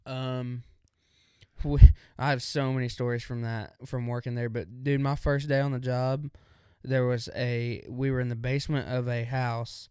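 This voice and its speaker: A man's voice: medium pitch, little pitch movement, measured pace, darkish tone, clear, resonant tone, no echo, clean studio sound. A young man co-hosting a podcast, telling stories in a laid-back, drawling way and saying "dude" often. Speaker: podcast co-host. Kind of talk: casual storytelling chat.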